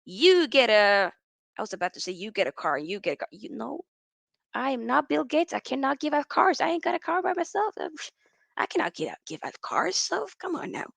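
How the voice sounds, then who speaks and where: A woman hosting a casual football livestream, rambling and animated as she reads out chat and answers viewers. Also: sits high, a little fast, vocal fry, no echo. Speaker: football channel host.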